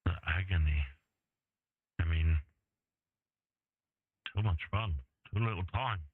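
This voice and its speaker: A man's voice: low voice, takes it slowly, slightly rough, narrow, tinny audio. An English man chatting casually over ham radio, laid-back and rambling with lots of fillers. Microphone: radio transceiver mic. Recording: thin radio transmission audio.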